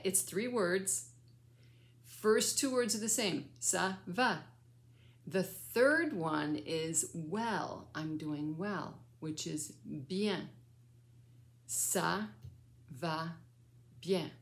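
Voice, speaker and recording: An older woman teaching a child French as a grandmother would. Her voice is low and gravelly, and it swoops up and down. She speaks slowly and patiently, in a sing-song way. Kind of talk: children's language lesson.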